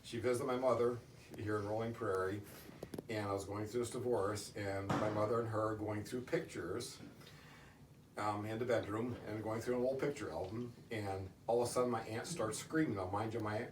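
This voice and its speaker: A middle-aged man answering interview questions, telling stories in a halting way with many restarts. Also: fairly low pitch, steady tone. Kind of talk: casual storytelling in an interview. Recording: distant roomy recording with faint noise.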